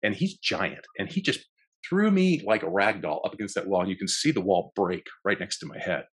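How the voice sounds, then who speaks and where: Man, deep voice, breathy rasp, rambling storyteller, restarts a lot, interview guest. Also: animated, brisk. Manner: rambling, many restarts and acted-out quotes. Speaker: guest actor.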